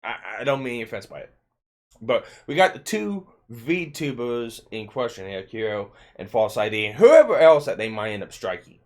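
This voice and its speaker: A man's voice: mid-range voice, very animated, moderate pace, darkish tone. A man with a lisp, hosting an opinion commentary channel and talking in an emphatic, heated way with some swearing.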